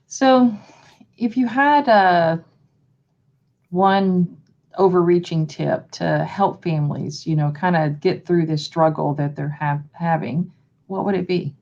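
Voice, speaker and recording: A woman hosting an interview, asking questions with slow, hesitant phrasing. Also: on the low side, darkish tone. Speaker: host. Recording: dull lo-fi audio.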